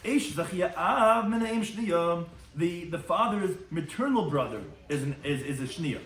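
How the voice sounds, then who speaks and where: A man's voice: a little high, lively intonation, normal speed, a bit bright, echoey room, distant mic. A man, a rabbi, giving a Talmud lecture and translating Hebrew and Aramaic terms as he goes. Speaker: rabbi teaching a daily Talmud class.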